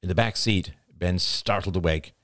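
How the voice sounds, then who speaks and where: Low-voiced male audiobook narrator. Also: moderate pace, fairly bright tone, dry recording, studio quality. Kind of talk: audiobook reading.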